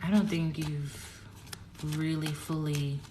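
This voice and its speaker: A woman giving a casual tarot reading to camera, who swings from low murmuring to squealing excitement and swearing. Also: slow pace. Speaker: tarot reader. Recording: roomy echo, faint background noise.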